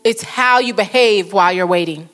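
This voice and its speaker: A woman's voice: mid-range voice, a bit bright, soft background music. Woman preaching a sermon. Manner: earnest, slows down for quotes and prayers.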